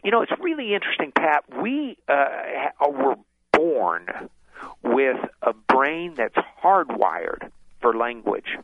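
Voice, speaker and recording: A man's voice: mid-range voice, sing-song, slow, no room sound. A man who is a guest author on a radio interview, explaining his ideas at length with many restarts. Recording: tinny phone line.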